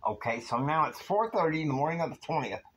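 A man's voice: fairly high pitch, lively intonation, fast, fairly bright tone, rough recording. A man telling a rambling, casual story that meanders from one scene to the next, with fillers along the way. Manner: meandering, with fillers and time stamps.

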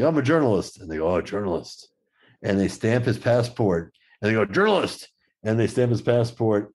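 A middle-aged man with a fairly low, mellow voice, chatting as a podcast guest. He tells his travel anecdotes with relish, slipping into the quoted voices of the people in his stories. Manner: lively anecdotal storyteller who acts out quoted exchanges. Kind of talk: casual storytelling conversation.

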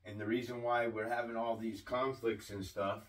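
A man preaching a sermon-style teaching, slow and deliberate, often asking his listeners questions. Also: medium pitch, flat delivery, far from the mic, low-quality recording.

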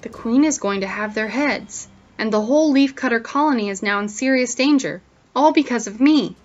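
A woman's voice: a little high, normal speed, natural voice. A woman voicing a big male cockroach, once a bully, now eager to help, on a dull lo-fi recording. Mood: worried.

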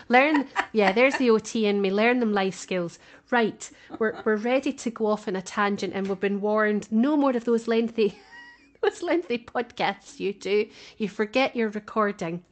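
A woman's voice: medium pitch, unhurried. Chatty woman podcast co-host. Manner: chatty and warm-hearted, laughs often. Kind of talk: casual podcast chat.

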